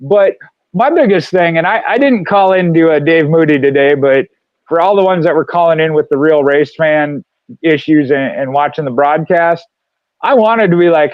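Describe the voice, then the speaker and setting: A man's voice: fairly high pitch, moderate pace, no room sound, dull audio. A man from Minnesota with a Minnesota accent, talking casually on a radio show and rambling with many fillers.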